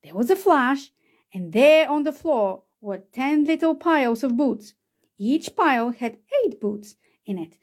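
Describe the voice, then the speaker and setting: Lively high woman reading a storybook. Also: a little slow. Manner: lively, expressive voices for each character. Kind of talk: children's storybook read-aloud.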